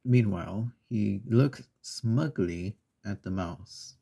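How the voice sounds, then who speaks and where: A man speaks in a soft, unhurried ASMR style, drifting through a children's story with pauses and little asides. His voice sits low and dark, with plenty of gravelly fry and a breathy, husky grain. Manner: slow, meandering retelling with pauses and fillers. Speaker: ASMR channel host.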